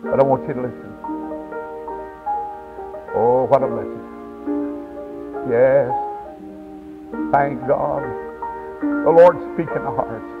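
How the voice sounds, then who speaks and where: An older man, preaching a revival sermon. He tells his story with feeling, dropping to a hush and then rising to a shout. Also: medium pitch, takes it slowly, long pauses, music in the background. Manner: storytelling preacher, swings from hushed to hollering. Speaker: evangelist. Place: church sanctuary. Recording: tinny lo-fi 1990s church tape.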